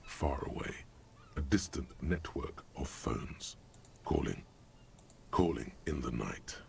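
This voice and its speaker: A man voicing a brooding game narrator, speaking in slow, ominous second person with a deep, gravelly voice. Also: sing-song, a little mellow, slight background noise, exaggerated voice. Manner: slow, ominous, dramatic pacing. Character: brooding omniscient male narrator voice.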